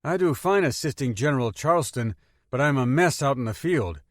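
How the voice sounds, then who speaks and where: Male narrator doing a self-deprecating aide with a Spanish accent, higher and louder than the narration. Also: expressive, a little fast, no room sound, studio quality, lightly acted. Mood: rueful. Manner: self-mocking, rueful. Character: clumsy, good-humored male military aide.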